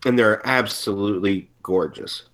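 A man co-hosting a podcast in relaxed, joking casual chat. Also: on the low side, moderate pace. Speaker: podcast co-host.

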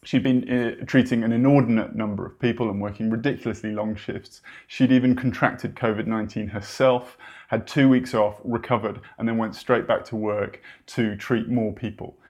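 A man's voice: fairly low pitch, darkish tone. A man preaching a sermon in an earnest, conversational way, with wry asides.

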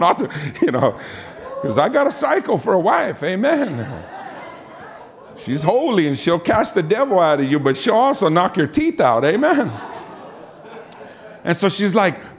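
A man preaching with an animated, storytelling delivery. His voice sits a bit higher than most men's, and he jumps up in pitch when he acts out other people's lines. He punctuates his sentences with "amen.". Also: moderate pace. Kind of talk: storytelling sermon.

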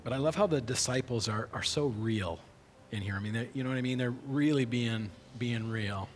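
A pastor preaches in a conversational style, his mid-range male voice moving at a normal pace. He keeps checking in with listeners by asking "right?" The recording carries a long hall reverb.

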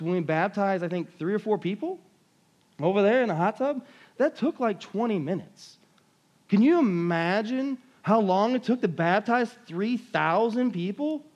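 A man preaching a sermon in a conversational, animated way, retelling scripture stories with quoted voices. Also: high voice. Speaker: pastor. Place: church.

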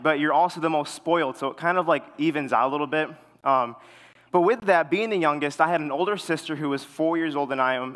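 A young man giving a sermon in a relaxed way, full of fillers, telling stories with animation. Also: on the high side. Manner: relaxed, filler-heavy storytelling; animated when retelling stories. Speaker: preacher. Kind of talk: casual sermon.

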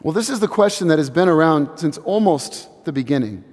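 A man in his thirties delivers a sermon in an earnest, reflective way, letting key phrases fall to a hush. His voice sits a little high. The sound carries the long reverb of a large sanctuary. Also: expressive. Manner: earnest, reflective, building slowly to hushed emphasis. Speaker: pastor.

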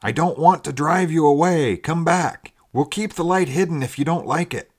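A man voicing a gruff but kind fisherman who talks bluntly and roughly. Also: mid-range voice, animated, normal speed, voice pushed up, natural voice.

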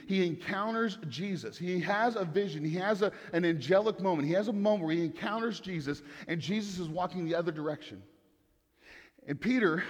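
Earnest preacher in a large echoing hall. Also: male voice, a little high. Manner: earnest, repeats phrases for emphasis. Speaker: pastor. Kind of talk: sermon.

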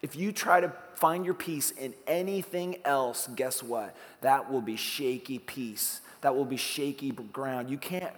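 Conversational pastor preaching in a reverberant hall. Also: male voice, medium pitch, measured pace, few pauses. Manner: conversational, rhetorical questions, swings between hushed and emphatic. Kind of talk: sermon.

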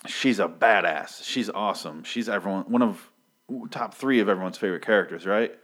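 A man's voice: fairly low pitch, a little fast, a bit bright. A man casually recapping a comic book issue, rambling and profane, with many filler ums and restarts.

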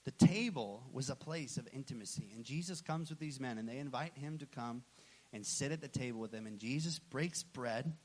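With a mid-range voice and moderate pace, this man in his thirties, a pastor, tells a story from his own life during a sermon. He acts out the conversation with plenty of lively energy.

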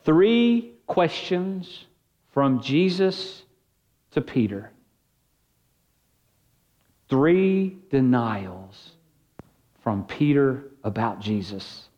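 A man's voice: mid-range voice, sing-song, extremely slow, long pauses, darkish tone, muffled recording. A man preaching a sermon as pastor, earnest and conversational, shifting his emphasis as he speaks.

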